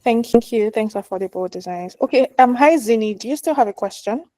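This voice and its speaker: Woman, webinar moderator, soft mellow voice, dry call audio. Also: on the high side, expressive, fairly quick, no room sound, poor audio. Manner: polite, prompting attendees. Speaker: session moderator. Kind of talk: hosting a webinar Q&A. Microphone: video call.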